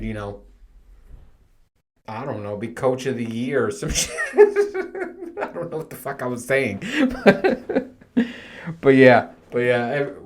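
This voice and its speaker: Thirtysomething guy rambling solo on his podcast, swears a lot, jokes at his own expense. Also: medium pitch. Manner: profane, rambling, self-mocking. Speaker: podcast host. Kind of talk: casual monologue.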